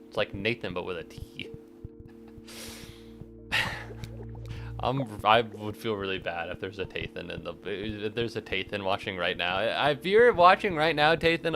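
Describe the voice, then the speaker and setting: A man's voice: on the low side, a bit bright. A man in his twenties chatting casually to his live-stream viewers while gaming, rambling, joking and swearing with a self-deprecating streak.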